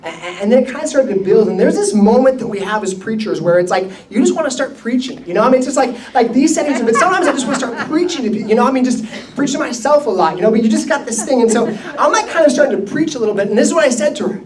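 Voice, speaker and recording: A man, a pastor, telling a story in a conversational, animated sermon with laughs. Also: extremely high pitch, fast, crowd noise. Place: church hall. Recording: roomy echo, mic at a distance.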